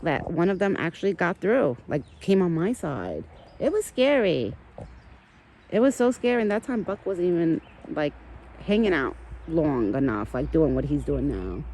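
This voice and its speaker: A woman's voice: fairly low pitch, darkish tone, slight background noise. A woman casually chatting to camera in her backyard, rambling on and talking sweetly to her deer. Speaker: vlogger feeding a pet deer. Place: outdoors in a backyard.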